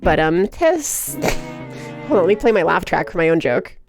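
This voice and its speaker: A woman's voice: fairly low pitch, very fast, gravelly, over music. A woman live streaming who chats casually and reads chat aloud, giggly and playful with frequent laughter.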